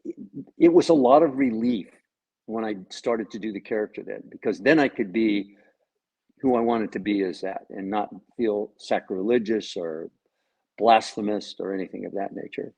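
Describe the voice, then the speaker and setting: A man's voice: on the low side, normal speed, gravelly, a little mellow, poor audio. A man being interviewed about his acting role on a video call. He talks in a joking way and tells stories that quote other people's lines. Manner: jokey, tells anecdotes with quoted dialogue. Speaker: actor and guest. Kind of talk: casual interview chat, storytelling.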